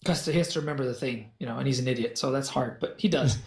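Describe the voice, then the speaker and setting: A man telling a fairy tale as a podcast guest, in an animated, jokey way with asides. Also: medium pitch, fast talker. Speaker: guest storyteller. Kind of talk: casual storytelling in a podcast conversation. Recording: roomy echo.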